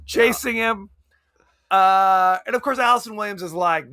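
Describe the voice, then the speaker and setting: A man's voice: high-pitched, normal speed, bright, forceful tone. A man co-hosting a podcast, chatting casually and animatedly about a movie, often laughing and acting out lines. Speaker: podcast co-host.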